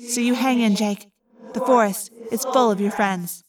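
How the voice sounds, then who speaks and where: A woman voicing a gentle teenage girl. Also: fairly high pitch, moderate pace, distant mic, a crowd in the background, lightly acted. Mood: reassuring.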